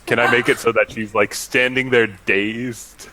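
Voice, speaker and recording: A man's voice: medium pitch, little pitch movement, a little slow, noisy background. A man playing a tabletop role-playing game, talking casually and hesitantly as he thinks aloud. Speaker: player.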